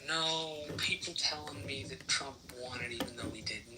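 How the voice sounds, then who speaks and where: A man's voice: mid-range voice, moderate pace, distant mic, noisy background. A man in a casual political chat, talking bluntly and with frustration, swearing now and then.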